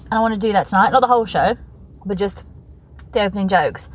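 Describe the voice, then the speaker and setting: A woman's voice: medium pitch, lively intonation, fast talker. Woman, late 30s, comedian, casual self-mocking chat, noise behind her. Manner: chatty, self-mocking, wry. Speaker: stand-up comedian. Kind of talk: casual vlog-style monologue. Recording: noisy background.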